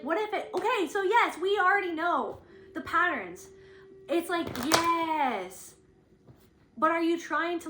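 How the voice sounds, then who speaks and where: A woman's voice: high-pitched, a bit bright, roomy sound, slight background noise. A woman giving a rambling, earnest spiritual reading, casually swearing and acting out inner thoughts in quoted voices. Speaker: intuitive spiritual reader.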